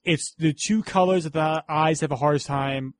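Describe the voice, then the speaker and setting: Male co-host, New York accent, rambling trivia-driven film chat, a bit high-pitched. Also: normal speed, dry recording. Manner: rambling, trivia-heavy, hesitant restarts. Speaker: podcast co-host. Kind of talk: casual film review chat.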